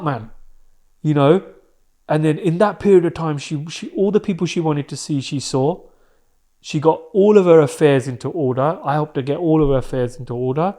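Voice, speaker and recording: A man's voice: fairly high pitch, moderate pace, dark tone. A man, a podcast guest telling an emotional personal story in a candid, slangy way with some swearing.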